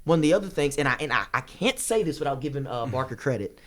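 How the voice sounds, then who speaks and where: A young man running for student government, answering a debate question in an impassioned, fast-rushing way, repeating phrases for emphasis. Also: mid-range voice, lively intonation, fairly bright tone. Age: young adult. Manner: rapid, rushing delivery.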